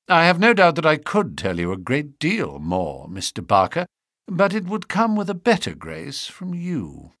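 A man voicing a brilliant gentleman detective who explains things gravely and precisely. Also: a little high, wildly swooping pitch, measured pace, dry recording, studio quality, exaggerated voice.

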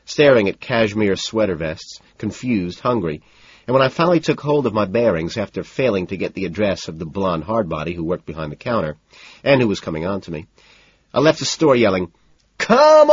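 A man's voice: low voice, breathy edge, dry recording, highs cut off. A man reading a first-person story aloud in a cool, detached way, rattling off long lists in scripted narration. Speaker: audiobook narrator.

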